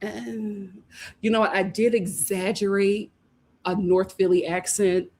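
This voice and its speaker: A woman's voice: mid-range voice, little pitch movement, slow, darkish tone. A woman in her thirties, originally from Philadelphia, hosting a casual reality-show recap and talking straight to her viewers with plenty of laughter.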